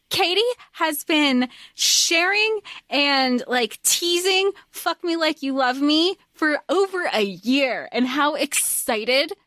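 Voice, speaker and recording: A woman co-hosting a podcast, gushing with excitement about a book in casual chat. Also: sits high, no room sound, studio quality. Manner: gushing, excited fan talk. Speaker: podcast co-host.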